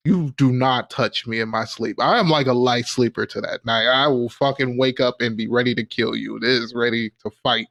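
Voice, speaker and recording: A young adult man co-hosting a podcast, telling stories in a rambling, animated way full of fillers. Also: medium pitch, brisk, few pauses, lo-fi sound. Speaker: podcast co-host. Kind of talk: casual chat.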